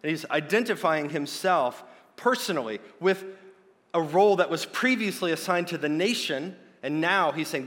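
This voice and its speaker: A man preaching a sermon, earnest and emphatic, slowing down to stress key points. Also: fairly high pitch, animated, fairly bright tone. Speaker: pastor. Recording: long hall reverb.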